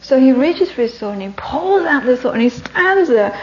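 A woman giving a Buddhist dharma talk through a story, often dropping into breathy whispers and laughing between lines. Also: fairly high pitch, lively intonation, normal speed, few pauses, a little mellow. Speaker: Buddhist teacher. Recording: dull lo-fi recording with faint hum.

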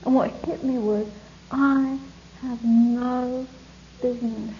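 A woman teacher giving a spiritual talk to a live audience, telling stories in a soft, reflective and hesitant way. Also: fairly high pitch, steady tone, slow pace, a little hiss or hum. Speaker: meditation teacher. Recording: echoey, muffled room recording with faint ambience.

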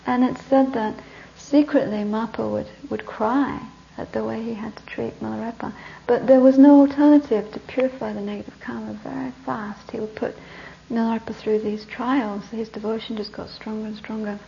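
A woman Buddhist teacher telling a story in a dharma talk, conversational, with restarts and sentences that trail off softly, on a dull lo-fi recording. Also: fairly high pitch, fairly even intonation, normal speed, gravelly, few pauses.

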